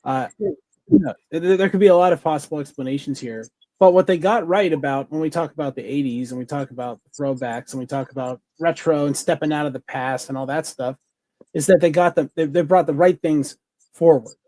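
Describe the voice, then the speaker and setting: A man's voice: fairly high pitch, fairly quick, mellow, no echo. A man co-hosting a podcast, chatting casually and enthusiastically in a rambling way, full of fillers and restarts. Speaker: podcast co-host. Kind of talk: casual review chat.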